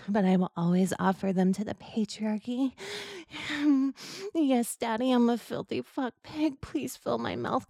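A woman's voice: a little high, mellow, dry recording, studio quality. A young woman performing adult audio role-play in a pleading, submissive manner, with frequent sighs and murmurs.

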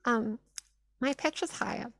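A woman's voice: fairly high pitch, measured pace, a bit bright, dry recording, rough recording. A young woman, an audio creator, answering interview questions casually, upbeat, with frequent laughs and lots of "like". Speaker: audio content creator, guest.

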